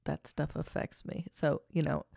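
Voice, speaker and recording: A middle-aged woman co-hosting a podcast in casual chat, laughing along and retelling her own stories with animated quoting. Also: low-pitched, normal speed, vocal fry, no room sound, studio quality. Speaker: podcast co-host.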